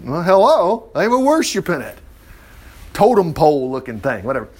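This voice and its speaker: A middle-aged man preaching, reading a Bible story aloud and breaking off with chuckling, animated commentary. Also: fairly high pitch, normal speed, husky. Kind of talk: Bible reading with lively asides.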